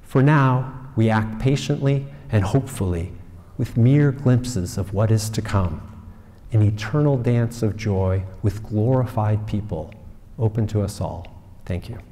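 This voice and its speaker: Mellow man closing a speech. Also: fairly low pitch, unhurried. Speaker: debate speaker. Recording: reverberant lecture hall.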